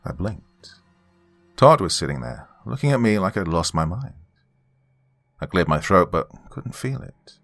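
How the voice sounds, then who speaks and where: A man tells a scripted horror story in a very deep voice that still rises and falls a great deal. His delivery is measured and hushed. Faint music plays underneath. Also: sing-song, vocal fry, no echo.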